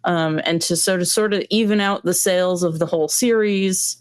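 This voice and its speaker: A woman talks about her comics in a relaxed interview. She speaks a little lower than most women and has a smooth, clear tone, recorded close and dry. She hesitates often and fills her pauses with ums. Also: no echo. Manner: hesitant, many ums, explains steadily. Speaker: comic book creator, guest. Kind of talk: casual interview talk.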